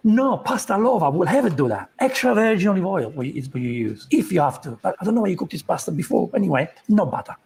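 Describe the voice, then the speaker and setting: A man's voice: sits high, sing-song, quick pace, gravelly, hardly any pauses, a little mellow, breathy edge. A man, a chef, giving an exasperated running critique of a cooking video. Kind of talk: casual reaction commentary.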